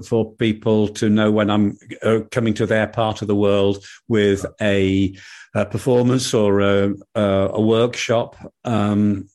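Slow, low-voiced older storyteller. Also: male voice, darkish tone. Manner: measured, hesitant with many fillers. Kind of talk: oral storytelling and interview chat.

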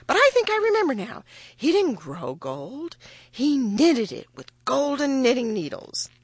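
A woman voicing a clever, scheming young heroine in a fairy tale, speaking coyly in a bright, lifted voice. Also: sits high, big pitch swings, a little slow, breathy edge, no echo, pitched above the performer's own voice, exaggerated voice. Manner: coy, scheming. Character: clever, calm young woman, a miller's daughter.

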